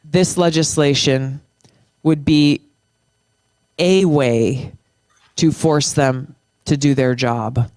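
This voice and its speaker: A middle-aged veteran talks with conviction in an interview, often restarting phrases and stretching out the key words. The voice is smooth and resonant, and it is recorded close and dry. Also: medium pitch, fairly even intonation, a little mellow, dry recording. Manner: impassioned, restarts phrases, slows down for emphasis. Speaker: guest, military veteran and former state lawmaker. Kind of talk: earnest conversational interview.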